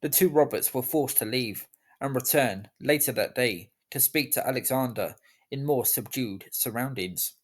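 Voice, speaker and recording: A man giving scripted history narration in a measured, even storytelling delivery. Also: mid-range voice.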